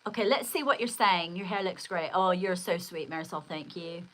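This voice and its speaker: A woman's voice: on the low side, brisk, fairly bright tone, rough recording. Older woman, casual livestream chat, rambling and exclamatory, reads viewer comments aloud. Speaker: livestream host.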